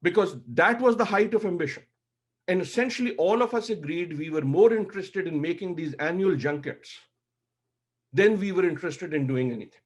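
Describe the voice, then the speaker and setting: Impassioned man, high voice. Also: fairly quick, slightly rough. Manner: emotional, forceful, emphatic repetition. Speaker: panelist. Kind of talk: impassioned panel remarks.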